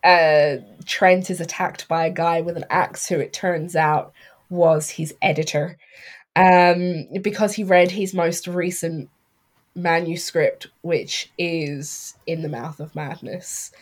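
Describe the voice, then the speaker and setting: A woman casually discussing a horror film, chatty, laughing often and filling pauses with ums. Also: fairly low pitch, steady tone. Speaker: podcast co-host.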